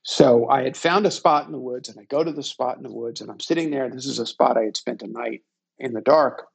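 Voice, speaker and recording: A man in his fifties, a guest telling a personal story in a reflective, unhurried and self-deprecating way. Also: mid-range voice, gravelly, husky.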